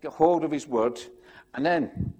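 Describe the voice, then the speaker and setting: A man, a pastor, preaching a sermon in an animated, rambling way, acting out quotes and restarting his sentences. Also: a little high, a little slow, husky.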